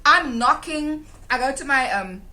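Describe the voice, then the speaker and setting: Young South African woman, podcast co-host, bright and animated, swears as she tells the story. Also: sits high, unhurried. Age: young adult. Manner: animated, swears freely, laughs mid-story. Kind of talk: casual storytelling chat.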